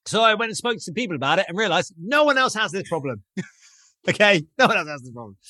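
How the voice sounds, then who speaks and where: An Englishman in his thirties tells his startup story at high speed, animated and self-mocking. His voice runs high and swings widely in pitch. The recording is dry and close. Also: no echo. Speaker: startup founder, guest. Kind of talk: casual storytelling interview.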